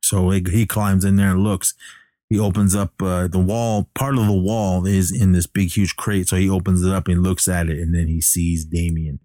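A man with a very low, mellow voice recaps a film plot in a relaxed, halting way, full of restarts and filler sounds. The sound is dry and close, with no room echo.

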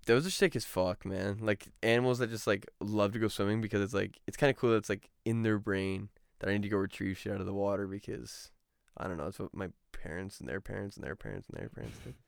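A man's voice: lowish voice, quick pace, gravelly, dry recording, studio quality. A young man co-hosting a podcast, chatting casually with lots of swearing and easy banter. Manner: profane, laid-back banter. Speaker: podcast co-host. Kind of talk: casual chat.

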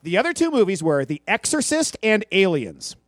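A man with a high, lively voice tells a story on a movie podcast, swinging his pitch up and down as he acts out the voices of the people in it. The room sounds dry and close. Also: normal speed, no echo. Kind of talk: casual storytelling chat.

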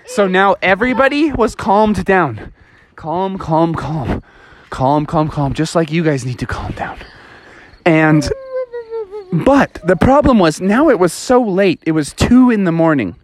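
A woman's voice: on the low side, a little slow. A woman casually telling a playful bedtime story, talking straight to the children. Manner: playful, animated, talks straight to kids.

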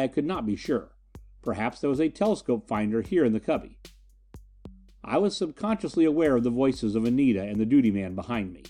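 A man reads a first-person adventure story in a steady, dramatic voice. His tone is mellow and dark, and faint music runs underneath. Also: medium pitch. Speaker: audiobook narrator. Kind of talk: scripted first-person narration.

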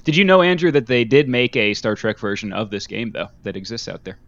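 A man's voice: mid-range voice, fairly quick, gravelly, a bit bright, no room sound, lo-fi sound. A man co-hosting a casual podcast chat, joking and laughing often. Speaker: podcast co-host.

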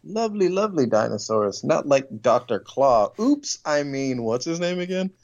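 Co-host, casual cartoon chat, animated pitch, curses freely, dull lo-fi recording. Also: moderate pace. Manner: laid-back with casual swearing. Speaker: podcast co-host.

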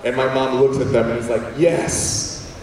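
A man, a comedian and former teacher, telling humorous stories to an audience in an animated, self-deprecating way and acting out quotes. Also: mid-range voice, fast, a little hiss or hum. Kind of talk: humorous storytelling talk to an audience. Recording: echoey hall heard from far off.

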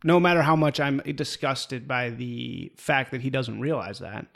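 A man's voice: mid-range voice, measured pace, gravelly, a bit bright. A man in a casual political chat who disagrees and lays out his reasoning at length. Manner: argumentative, explains at length.

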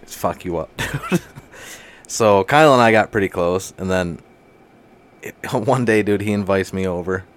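A young man with a fairly low voice tells a story in loose, casual chat. He laughs a lot, swears freely and keeps throwing in "dude." He speaks as a guest catching up with a friend. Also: moderate pace.

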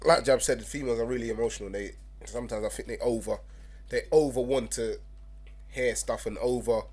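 A man, co-hosting a podcast in lively, slang-heavy casual chat. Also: mid-range voice, fairly quick, breathy edge. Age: 20s. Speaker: podcast co-host.

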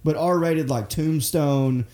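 Male podcast host, higher-pitched, warm-toned, loose banter. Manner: animated, profane, slips into quick impressions. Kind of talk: casual chat.

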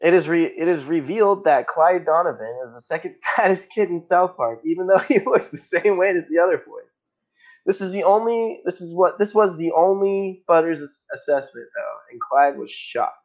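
A man's voice: sits high, lively intonation, moderate pace. A man co-hosting a podcast, reading out trivia notes casually with chuckles. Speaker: podcast co-host.

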